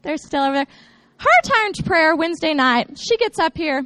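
A woman's voice: high voice, moderate pace, no echo. A woman in her thirties speaking to a church congregation from the stage, joking through funny stories before turning earnest. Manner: lively joking storyteller, turns earnest. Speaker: church children's ministry speaker. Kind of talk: humorous recap talk to a congregation.

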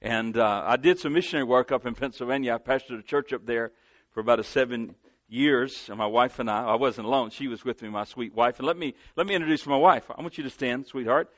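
A man's voice: mid-range voice, fast, no echo. Southern man preaching, dry close sound. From Southern United States. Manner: earnest, calls for amens, many restarts. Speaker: guest preacher. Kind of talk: sermon. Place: church sanctuary.

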